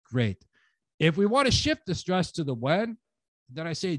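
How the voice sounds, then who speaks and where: A man's voice: fairly high pitch, sing-song, moderate pace, long pauses, no room sound. A man giving a casual conference lecture as a language teacher, speaking bluntly with joking, slangy phrasing. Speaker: conference lecturer and English lector.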